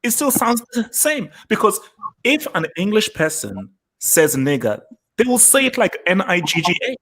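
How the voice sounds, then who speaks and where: A man's voice: sits high, wildly swooping pitch, moderate pace, fairly bright tone, husky. A man moderating a casual discussion who argues his own view with energy and then hands the floor to others. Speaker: podcast host and moderator.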